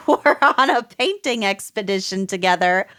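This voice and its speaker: A woman's voice: mid-range voice, animated, unhurried, fairly bright tone, no room sound, studio quality. A woman podcast co-host in casual chat, loosely reading her research notes, swearing and laughing often.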